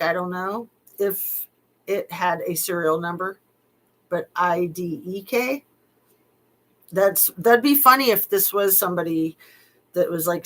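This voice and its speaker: A woman's voice: low voice, low-quality recording. Wry middle-aged woman commentator. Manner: wry, skeptical asides with frequent fillers. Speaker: true-crime commentator. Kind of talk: casual commentary while reading text messages aloud.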